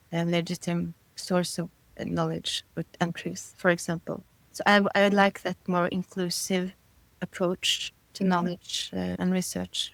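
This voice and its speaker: A woman's voice: on the low side, gravelly, dry recording, poor audio. A middle-aged woman being interviewed, talking thoughtfully and searching for her words, often breaking into light laughter between thoughts. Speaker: guest. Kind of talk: casual interview conversation.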